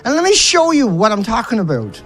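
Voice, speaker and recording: A man's voice: high-pitched, huge pitch swings, brisk, fairly bright tone, soft background music. A man ranting in outrage as an activist, firing rhetorical questions and strings of insults, with some swearing. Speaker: environmental activist vlogger. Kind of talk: angry ranting monologue.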